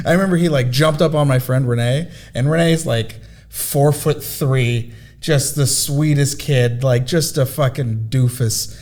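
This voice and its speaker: A man's voice: mid-range voice, fairly quick, a little mellow. A man on a podcast telling loose, profane stories, laughing as he goes. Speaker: podcast guest. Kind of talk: casual podcast storytelling.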